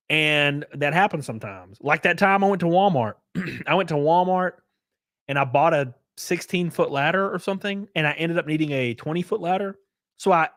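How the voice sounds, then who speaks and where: A man's voice: fairly high pitch, a bit bright, dry recording, clean studio sound. Profane, laid-back male streamer. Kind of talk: casual livestream chat.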